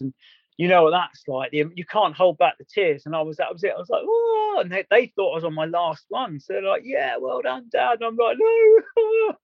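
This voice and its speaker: A man's voice: fairly high pitch, no room sound, lo-fi sound. A man earnestly recounting a story in a candid podcast chat, rambling and restarting as he goes. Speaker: guest.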